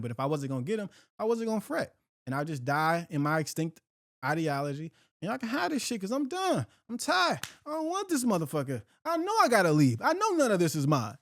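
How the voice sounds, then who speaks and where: A man's voice: on the high side, big pitch swings, fast talker, no echo, studio quality. A middle-aged man hosting a podcast, ranting in a heated, profane, rambling way with slang and restarts. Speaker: podcast host. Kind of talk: unfiltered solo talk.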